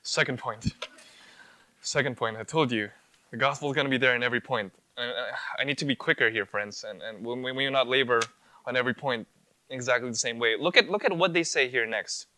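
A man's voice: mid-range voice, a little fast, sharp tone. A man preaching an expository sermon, emphatic, often repeating phrases and asking rhetorical questions.

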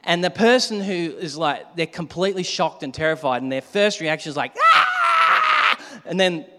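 A man preaching a sermon, animated, at times shouting to act out a scare and dropping to a hush. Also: on the high side, brisk, very noisy. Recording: long hall reverb.

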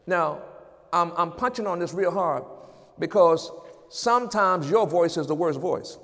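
A man preaching a sermon as pastor at an evening church service, rising into shouted praise and call-outs. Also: high-pitched, takes it slowly, in a large hall.

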